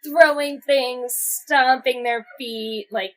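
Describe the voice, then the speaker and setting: A woman's voice: sits high, slow. A woman co-hosting a podcast, casually recapping a movie with wry, mocking remarks. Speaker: podcast co-host.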